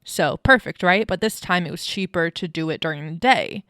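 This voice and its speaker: A woman's voice: on the low side, moderate pace, fairly bright tone, no room sound, clean studio sound. A woman co-hosting a podcast, chatting casually and poking fun at her co-host with wry remarks. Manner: wry, teasing interjections. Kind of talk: casual chat.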